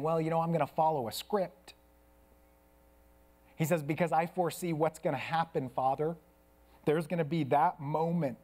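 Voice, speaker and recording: Man, pastor, sermon, earnest, hushed then raised, slightly high voice, church. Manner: earnest preaching, swings from soft hushed to raised.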